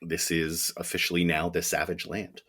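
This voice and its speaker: A man co-hosting a comics podcast in casual chat, relaxed and chuckling. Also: low voice, normal speed, slightly rough. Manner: relaxed, chuckling, many fillers. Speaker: podcast co-host.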